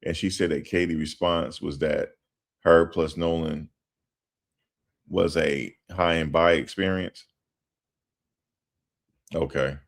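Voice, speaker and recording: A man doing casual commentary on a livestream. He talks in an animated, slangy way and repeats himself for emphasis. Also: extremely low pitch, takes it slowly, pauses often.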